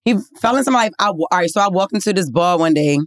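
A woman, telling a story in animated, slangy casual chat, often laughing as she talks. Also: lowish voice, racing, dry recording, clean studio sound. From Baltimore. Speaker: podcast co-host.

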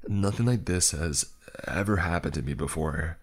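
A man's voice: deep voice, moderate pace, husky. A man voicing a nervous, apologetic man who feels sick while stuck in an elevator. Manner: meek, apologetic, stammering.

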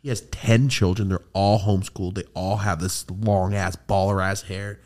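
A man hosting a podcast, telling a story in casual chat, animated and swearing a lot. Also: low voice, moderate pace. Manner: animated, swearing, quoting friends in put-on voices. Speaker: podcast host.

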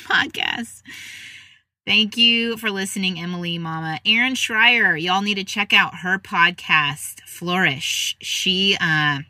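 A woman, hosting a podcast and chatting casually as she reads out listener reviews with quick asides. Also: fairly low pitch, pushed and bright, no echo. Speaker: podcast host.

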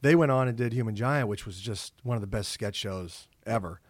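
A middle-aged man tells stories from his career in a relaxed interview, with a lively delivery that jumps around in pitch. He plays out his own inner voice as he goes. The sound is dry and close, recorded in an office. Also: brisk, no echo. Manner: animated storyteller, acts out his own inner voice. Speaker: comedian and actor guest. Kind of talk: casual interview storytelling.

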